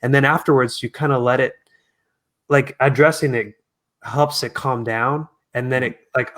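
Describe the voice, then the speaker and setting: A man's voice: mid-range voice, steady tone, normal speed. Earnest, reflective man as guest. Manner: earnest, reflective, soft-spoken. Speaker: guest singer. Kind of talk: casual interview.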